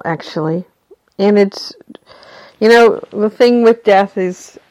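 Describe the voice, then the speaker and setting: Sympathetic woman host, low-pitched. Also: a little mellow, dry recording. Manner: sympathetic, reflective. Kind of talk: interview chat.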